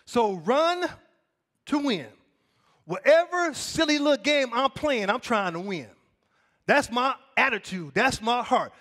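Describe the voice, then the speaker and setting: A man's voice: very high voice, lively intonation, unhurried, fairly bright tone. A middle-aged man preaching a sermon as pastor, calling for the congregation to repeat after him, his cadence rising and dropping.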